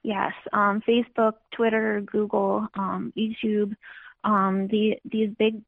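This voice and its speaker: Hesitant woman with a gravelly voice over a phone line. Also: mid-range voice, level tone, takes it slowly, dry recording. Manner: hesitant, many ums and restarts. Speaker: interview guest. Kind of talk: interview. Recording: tinny phone line, dry.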